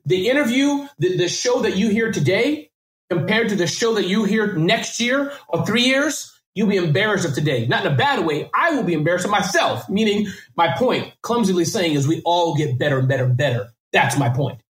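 A man talking fast and energetically as a podcast guest, full of restarts and repeated words. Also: high-pitched, animated, roomy sound, poor audio. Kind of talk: casual interview answers.

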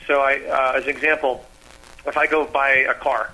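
Bright-voiced, energetic male sales trainer. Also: mid-range voice, moderate pace, rough recording. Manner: animated, acts out sales dialogues. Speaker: sales trainer, radio guest. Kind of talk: energetic explaining on a radio interview.

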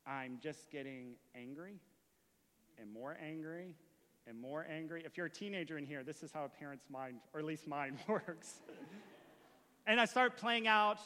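A man preaching a sermon as a story, moving from hushed retelling to impassioned shouting. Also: fairly high pitch, long reverb tail. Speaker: pastor.

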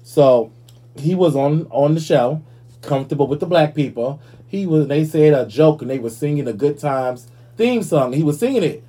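Sassy man with a husky, mellow voice. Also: a little high, normal speed. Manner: sassy, animated, swears freely. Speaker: podcast host. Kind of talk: casual commentary.

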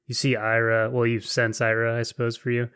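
Game master, male, steady flat delivery, dry booth sound, gentle and slow. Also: mid-range voice, clear, resonant tone, dry recording. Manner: gentle, slow descriptive narration. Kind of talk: narrating a tabletop game.

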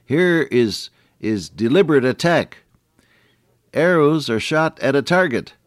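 Speaking directly to his radio audience, an older preacher gives a homespun devotional sermon that moves between quiet, hushed moments and forceful peaks. He's animated yet a little slow, and the studio-quality recording has no echo.

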